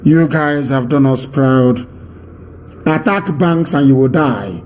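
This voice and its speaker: A man with a Nigerian accent giving an impassioned live radio address, emphatic and repetitive, with commanding declarations that rise to shouts. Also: mid-range voice, takes it slowly.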